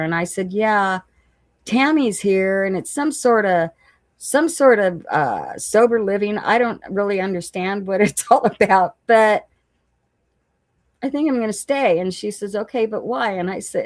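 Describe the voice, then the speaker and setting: A woman's voice: medium pitch, normal speed, no room sound. A middle-aged woman candidly telling her recovery story, emotional at times and retelling conversations as quoted dialogue. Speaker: guest sharing recovery story.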